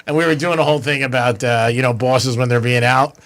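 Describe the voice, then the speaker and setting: A man's voice: medium pitch, fast, vocal fry. A man hosting a radio show, joking and telling stories in casual banter with his co-hosts. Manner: joking, animated storytelling.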